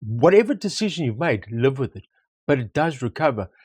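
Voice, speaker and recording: A man's voice: mid-range voice, very animated, brisk, darkish tone, slightly rough, no echo. A man co-hosting a property discussion, talking casually and reflectively, telling anecdotes and repeating words for emphasis. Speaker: property market co-host. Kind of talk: casual conversation.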